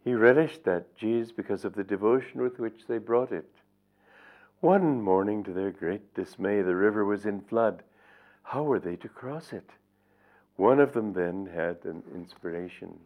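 A man's voice: on the low side, measured pace. An older man, a spiritual teacher, reading aloud from his book and commenting in a reflective storytelling manner. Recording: tinny lo-fi recording.

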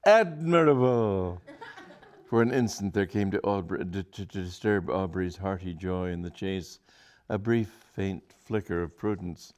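Low voiced guy reading a comic tale out loud, dry wry delivery. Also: steady tone, normal speed. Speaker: storyteller. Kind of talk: comic story reading to a live audience.

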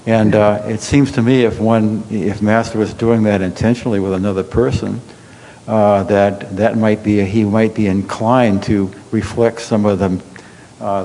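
A man speaking deliberately and hesitantly, with many pauses, in a reflective spiritual discussion. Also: lowish voice, warm tone. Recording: hall reverb with faint background noise.

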